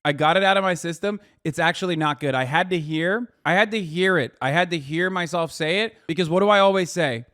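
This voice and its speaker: A man streaming live, reacting to a clip with profane, animated ranting. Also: fairly high pitch. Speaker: streamer and political commentator.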